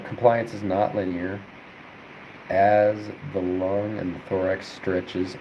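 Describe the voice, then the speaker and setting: A man's voice: low voice, dull audio, a little hiss or hum. A young man, a veterinary student, talking casually while studying and rambling through his thoughts with plenty of fillers. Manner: rambling, thinks aloud with many fillers. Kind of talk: casual study livestream, answering chat.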